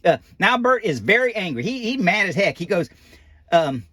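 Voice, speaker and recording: A man's voice: high voice, big pitch swings, normal speed, bright, forceful tone, husky, no room sound, full character voice. Een praatgrage oude animatronic-pop, gespeeld door een man, leest een prentenboek voor en dwaalt steeds af met volkse opmerkingen. De stem is hoog en springt levendig op en neer. Droog en dichtbij opgenomen. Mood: chatty. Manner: folksy, rambling asides, loose grammar. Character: folksy old male animatronic doll storyteller. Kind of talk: reading a children's picture book aloud.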